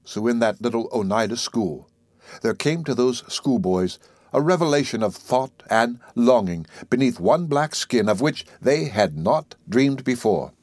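Male audiobook narrator, mid-range voice, expressive measured delivery, dry booth sound. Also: medium pitch, no echo. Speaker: audiobook reader. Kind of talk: scripted narration of literary prose.

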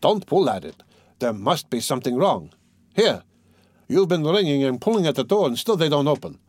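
A man reading a story aloud, voicing an excited, insistent young male law student. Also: a little high, moderate pace, no room sound, studio quality. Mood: eager.

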